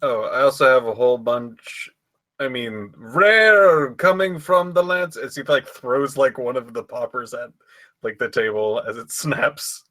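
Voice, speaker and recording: A man's voice: mid-range voice, fairly even intonation, normal speed, fairly bright tone. A man playing in a tabletop game, often laughing and hesitating with ums. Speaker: player.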